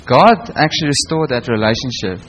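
A middle-aged man preaches in a relaxed, conversational tone, telling personal stories to a small congregation. His voice sits at an ordinary pitch, with a faint hum of room ambience behind him. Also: brisk, low-quality recording. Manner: storytelling with quoted voices, conversational. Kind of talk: sermon.

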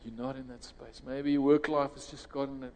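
South african guy preaching, chatty, keeps restarting, dark mellow voice, big echoey hall. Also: mid-range voice, little pitch movement, fairly quick. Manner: conversational, restarts phrases, rises sharply when quoting others. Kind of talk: sermon with closing prayer.

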